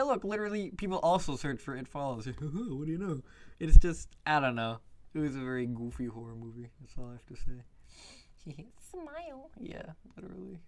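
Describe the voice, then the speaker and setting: A man streaming casually, reviewing movies in a loose, rambling way, often breaking into laughter and swearing. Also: medium pitch. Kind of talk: casual live-stream chat.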